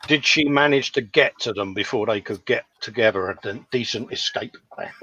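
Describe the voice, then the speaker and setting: A man's voice: on the low side, normal speed, lo-fi sound, background noise. A man co-hosting a casual live chat, joking and laughing as he goes. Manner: jokey, laughs often. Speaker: co-host.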